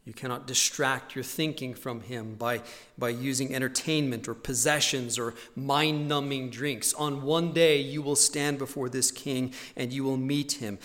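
Male pastor, sermon delivery, mid-range voice, earnest swells and hushed drops, echoing sanctuary. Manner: earnest preaching, swells loud on key points and drops low and soft. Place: church sanctuary. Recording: long hall reverb.

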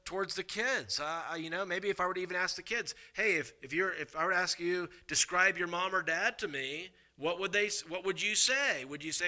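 A man preaching a sermon as pastor, earnest and emphatic, swinging between loud emphasis and quiet asides and often restarting his sentences. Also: high-pitched, brisk, hardly any pauses, low-quality recording. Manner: repeats words and restarts mid-sentence.

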